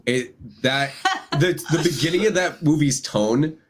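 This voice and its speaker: A man talking casually as a guest on a live podcast, animated, acting out lines in quoted voices. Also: on the high side, a little slow, over a noisy crowd.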